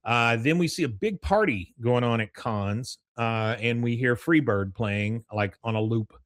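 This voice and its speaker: A man's voice: mid-range voice, measured pace, no room sound. Guy retelling a cartoon episode scene by scene, dry close sound. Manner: retells scenes, acting out character lines. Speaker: podcast host. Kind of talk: casual podcast recap.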